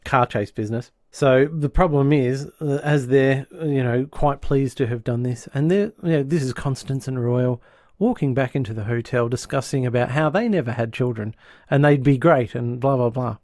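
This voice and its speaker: A man co-hosting a podcast, recapping a sitcom plot in lively casual chat and dropping into quick voices for the characters. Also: mid-range voice, no room sound, studio quality. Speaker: podcast co-host.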